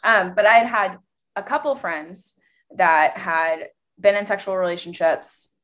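A woman's voice: on the low side, unhurried, a bit bright. A young woman co-hosting a podcast, telling a personal story candidly and animatedly, with many fillers. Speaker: podcast co-host. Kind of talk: casual podcast conversation.

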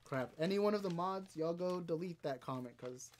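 Rambling, high-voiced man on a livestream. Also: moderate pace. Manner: rambling, talks to chat while browsing. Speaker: podcast host streaming live. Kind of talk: casual live-stream chat.

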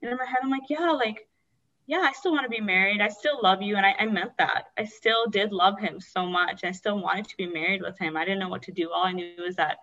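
A woman's voice: medium pitch, fast talker, few pauses, bright, forceful tone, recorded from a distance, dull audio. A woman candidly recounting a painful personal story in a rambling, emotional way. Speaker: guest sharing her story.

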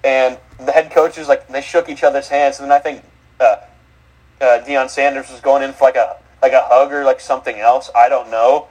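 A man's voice: medium pitch, fairly even intonation, moderate pace, darkish tone, rough recording. A man co-hosting a sports podcast, recounting games in a rambling way full of filler words. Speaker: co-host. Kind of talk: casual sports podcast chat.

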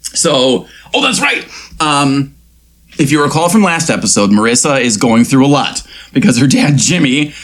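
A man's voice: medium pitch, lively intonation, moderate pace, fairly bright tone. A man co-hosting a casual TV recap podcast, playful and prone to slipping into character voices. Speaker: podcast co-host.

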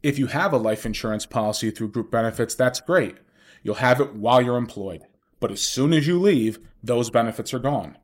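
A man's voice: mid-range voice, fairly quick. Man explaining finances straight to listeners. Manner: explanatory, talks straight to listeners with rhetorical questions. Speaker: financial planner and podcast host. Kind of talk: solo podcast monologue.

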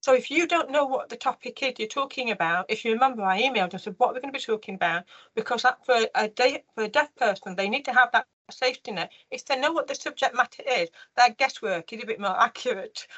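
A woman in her fifties, an interview guest telling her personal story in an earnest, emotional way with halting restarts. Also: a little high, fairly bright tone, highs cut off.

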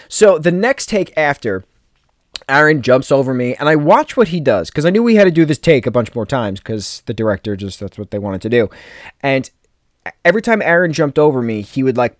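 A man's voice: medium pitch, no room sound, clean studio sound. A young adult American man telling a rambling personal story in a casual podcast, full of fillers and jokey asides. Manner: chatty, lots of fillers, quick jokey asides. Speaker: podcast host.

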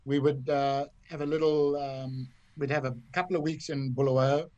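A man's voice: medium pitch, normal speed, no echo, highs cut off. An older man from Zimbabwe, a golf commentator guesting on a podcast, telling anecdotes with relish and acting out the voices of people in his stories. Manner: lively raconteur who acts out other people's voices. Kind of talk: anecdotal storytelling.

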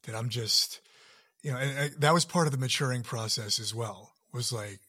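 A middle-aged man, an actor and producer, telling stories in a relaxed interview with a deep, soothing voice. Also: moderate pace. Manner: relaxed storyteller with many fillers and restarts. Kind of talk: casual interview chat.

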